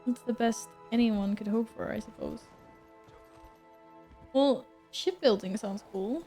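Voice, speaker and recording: A chatty woman streaming a game, who chats casually with her viewers, answers their messages and laughs often. Her voice sits a bit high, and faint game music plays behind her. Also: takes it slowly, dark tone. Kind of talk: casual gaming stream chat.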